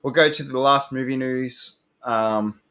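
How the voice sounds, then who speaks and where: A man's voice: medium pitch, measured pace, pushed and bright. Hesitant man musing about movies. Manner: hesitant, many restarts and fillers, speculative. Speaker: podcast co-host. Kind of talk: casual chat about movies.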